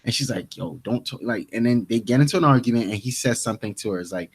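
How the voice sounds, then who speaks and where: A man's voice: medium pitch, fast talker, husky. A young man co-hosting a podcast, casually retelling TV scenes and acting out the characters' lines with many restarts. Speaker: podcast co-host. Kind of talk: casual TV recap chat.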